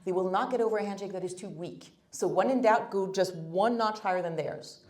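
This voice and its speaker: A woman's voice: medium pitch, fairly quick, a little mellow. Emphatic woman speaker in echoey room. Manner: emphatic, blunt, joking asides. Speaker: guest speaker on first impressions. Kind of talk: workshop talk with audience Q&A. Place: meeting room. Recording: roomy room echo.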